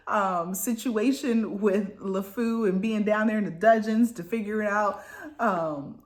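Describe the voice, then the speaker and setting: Woman book vlogger; excitable, gushing recap of the story, casual chat. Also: mid-range voice, measured pace.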